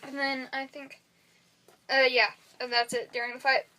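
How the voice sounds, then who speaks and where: A young woman with a high voice chats on a podcast. She retells movie moments with animated, giggly energy and a casual tone. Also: moderate pace, rough recording. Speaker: podcast co-host. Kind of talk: casual chat.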